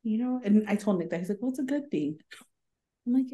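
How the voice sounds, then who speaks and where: A woman's voice: mid-range voice, lively intonation, brisk, mellow. A woman in her thirties co-hosting a podcast, telling stories in casual chat and acting out the quoted lines with laughs and swearing. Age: 30s. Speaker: podcast co-host.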